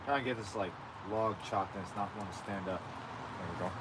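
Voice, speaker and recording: The recording is very noisy as a man with a lowish voice talks a little fast while cooking live at an outdoor home cookout. He chats casually with viewers and swears now and then.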